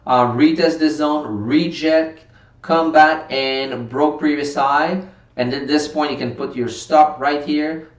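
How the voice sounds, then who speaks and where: A man hosting a live trading stream in casual commentary, reading viewer chat aloud and reacting, sometimes getting worked up. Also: medium pitch. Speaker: livestream trading host. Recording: roomy sound from a distant mic.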